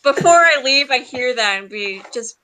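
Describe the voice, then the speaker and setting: A woman's voice: high-pitched, expressive, normal speed. A woman player in a tabletop game, teasing and laughing. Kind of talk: tabletop role-play. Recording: noisy line.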